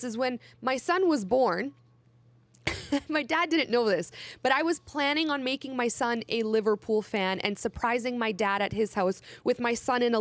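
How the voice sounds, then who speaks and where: Young woman, higher voice, dry close sound; chatty podcast host who gets emotional and laughs. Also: no echo. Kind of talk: casual chat.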